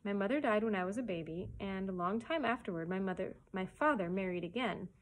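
A friendly salon lady, voiced by a woman reading aloud chats in folksy, homespun phrases while she works. Her voice sits at a middling pitch, easygoing and plain, as in storybook narration. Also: lively intonation, a little fast, close to an everyday voice. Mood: reminiscing. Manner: folksy, reminiscing, warm small-town talk. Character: friendly homespun female beauty salon worker.

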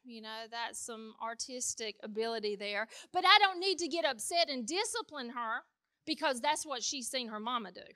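A female pastor, telling family stories in an animated, chatty way during a conversational sermon. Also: fairly high pitch, moderate pace, dry recording, clean studio sound.

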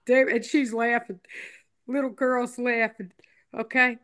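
A woman's voice: a little high, flat delivery, a little slow, fairly bright tone. A woman interview guest in a casual chat, rambling, repeating herself and teasing in a playful way. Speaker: interview guest telling her story.

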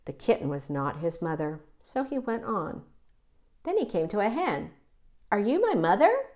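A woman reading a children's picture book aloud, with an expressive, animated delivery. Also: fairly low pitch, normal speed. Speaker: children's story reader. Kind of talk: read-aloud storytelling.

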